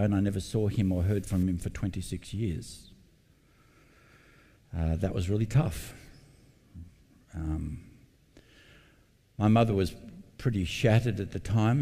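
A man's voice: deep voice, dark tone, long reverb tail. A middle-aged man preaching a sermon as pastor, earnest and personal, repeating his key points for emphasis. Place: church building.

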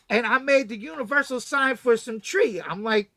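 A man from Texas with a Southern accent tells a story in a casual, swearing, high-pitched voice. He keeps acting out what everyone said. The sound is dry and close, with no room around it. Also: moderate pace, few pauses, sharp tone, dry recording. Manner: loose, swearing, acts out quotes.

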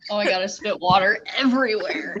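A woman's voice: medium pitch, a little fast, dull audio, background noise. A woman in a casual podcast chat who swears freely, laughs a lot and jokes sarcastically. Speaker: podcast co-host.

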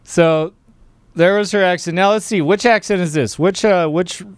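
A man's voice: high voice, normal speed, smooth, dry recording. A man hosting a political commentary show, talking casually in a mocking, exasperated, sarcastic way.

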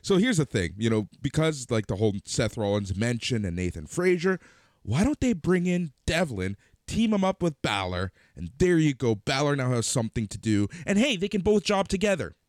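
A man's voice: moderate pace, no echo, clean studio sound. A man co-hosting a wrestling talk show, chatting casually and teasing his partner with ideas. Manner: lively, teasing, pitches ideas. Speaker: wrestling podcast co-host. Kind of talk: casual chat.

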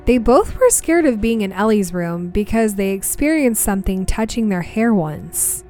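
A woman's voice: mid-range voice, expressive, normal speed, a little mellow, soft background music. Young woman telling a ghost story. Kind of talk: personal ghost story narration.

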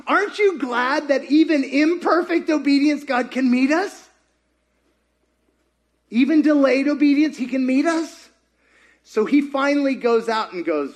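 A man preaching a sermon as pastor, animated and full of questions put to the congregation. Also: very high-pitched, unhurried, long pauses.

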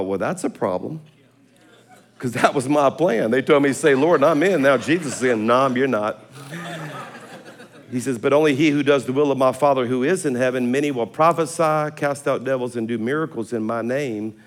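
Animated pastor preaching. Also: male voice, medium pitch. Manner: animated storytelling with laughs and swings in loudness. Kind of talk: sermon. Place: church auditorium.

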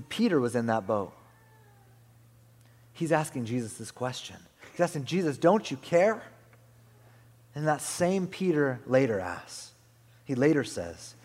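A male pastor preaching a sermon in a church, passionate, rising to loud urging and dropping to hushed whispers. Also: medium pitch, animated, moderate pace. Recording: echoey hall with soft music.

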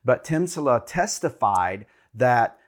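A man's voice: mid-range voice, big pitch swings, takes it slowly. A man co-hosting a Christian talk show, speaking in an earnest, encouraging, preacherly way. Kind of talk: faith talk show chat.

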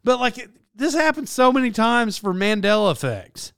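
A man talking in a casual solo monologue. He rambles, restarts and corrects himself, with animated bursts. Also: very high voice, moderate pace, vocal fry, clean tone, dry recording, studio quality.

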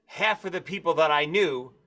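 Blunt, bright-voiced man talking sports. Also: on the high side, normal speed. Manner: blunt, swears freely. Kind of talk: casual sports chat.

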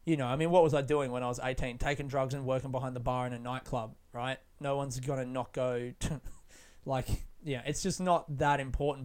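A man's voice: medium pitch, darkish tone, clear, resonant tone. A young adult man, a comedian, talking frankly in a casual monologue, swearing freely and rambling with restarts. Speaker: stand-up comedian.

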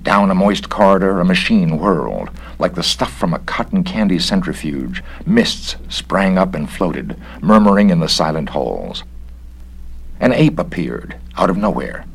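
A man narrating a story aloud in a measured, dramatic way. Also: deep voice, animated, gravelly, slightly rough. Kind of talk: story reading.

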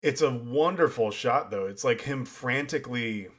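Measured, thoughtful podcast co-host, man. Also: mid-range voice, a bit bright. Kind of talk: casual film review chat.

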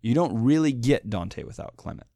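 A man teaching a lecture on poetry, animated and emphatic, who chants the rhythms of the lines aloud. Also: medium pitch, normal speed, vocal fry, dry recording.

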